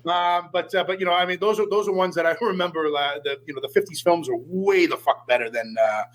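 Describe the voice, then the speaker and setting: A man's voice: a little high, quick pace, low-quality recording. A man from Boston, a podcast guest, talking casually with lots of fillers and swearing. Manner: hesitant, many fillers, swears. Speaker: podcast guest, metal vocalist. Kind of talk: casual chat.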